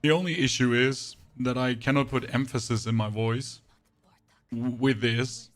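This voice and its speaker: A man streaming a game live, chatting with his viewers in a hoarse, nearly lost voice and speaking in a very flat monotone, often ending thoughts with "right?". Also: medium pitch, unhurried. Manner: talks to chat with frequent "right?". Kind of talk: casual live-stream chat while playing.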